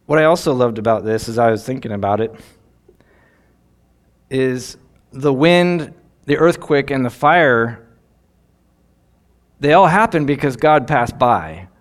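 A man's voice: medium pitch, lively intonation, takes it slowly, pauses often. A man giving devotional Bible teaching in an earnest, reflective way, lingering on key phrases.

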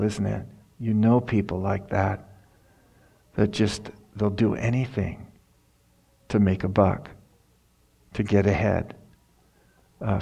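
A middle-aged man preaches in a folksy, storytelling way. His low, gravelly voice takes its time, and he drops into casual asides. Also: a little mellow. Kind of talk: sermon.

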